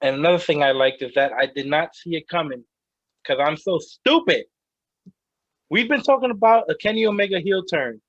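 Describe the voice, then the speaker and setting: A man's voice: fairly high pitch, normal speed, fairly bright tone, no room sound. Self-mocking man on a dull, dry line. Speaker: podcast co-host. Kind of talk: casual chat.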